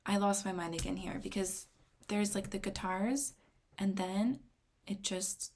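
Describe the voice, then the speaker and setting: Gravelly-voiced excitable young woman. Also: mid-range voice, a little slow, slight background noise. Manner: excitable, rambling, often drops to a whisper while reading notes. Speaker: music reaction vlogger. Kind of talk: casual reaction commentary.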